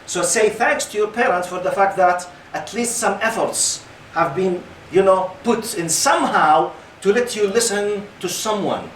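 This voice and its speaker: A man's voice: high voice, a little slow, fairly bright tone, slight background noise. A man in his fifties giving an Islamic lecture to young listeners, often putting questions to the audience. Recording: roomy hall, mic at a distance.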